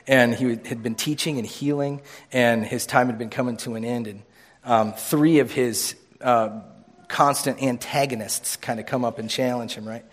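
A man's voice: mid-range voice, steady tone, normal speed. A man preaching an informal sermon in a church room, casual and joking with many restarts.

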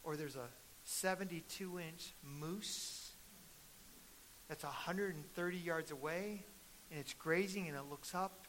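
A middle-aged man preaching a sermon as pastor, telling stories and building to loud, emphatic peaks. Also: on the high side, measured pace, a little hiss or hum, poor audio.

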